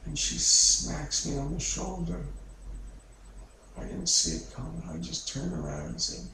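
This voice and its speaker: A man's voice: fairly high pitch, a little slow, vocal fry, pushed and bright. A man in a therapy session recounting a painful memory, speaking in a raw, emotionally charged and profane way. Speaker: therapy client. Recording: echoey room with background noise.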